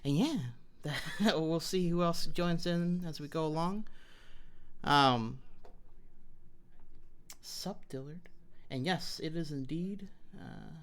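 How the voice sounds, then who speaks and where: A woman's voice: low-pitched, slow, pauses often. An American woman streaming live, chatting playfully and greeting her viewers by name. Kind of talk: casual live-stream chat. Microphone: wearing headphones.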